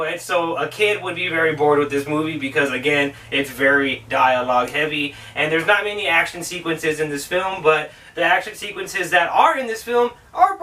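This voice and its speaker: Guy doing a cussy rambling movie review vlog, kinda far from the mic. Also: high-pitched. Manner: profane, rambling, energetic. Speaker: host of a film review show. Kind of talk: casual film review.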